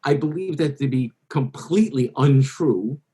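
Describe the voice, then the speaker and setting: A man's voice: mid-range voice, moderate pace, warm tone, rough recording. A man speaking as a guest author in an interview, telling anecdotes at length and correcting himself as he goes. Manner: rambling anecdotal, self-correcting. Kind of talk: conversational interview storytelling.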